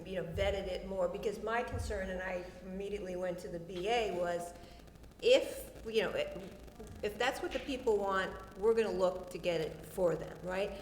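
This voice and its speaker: A woman's voice: mid-range voice, normal speed, a little hiss or hum. A woman on the town council who responds to a resident thoughtfully, hedging and restarting. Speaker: council member chairing. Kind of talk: public meeting discussion. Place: town meeting room. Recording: echoey hall with long reverb.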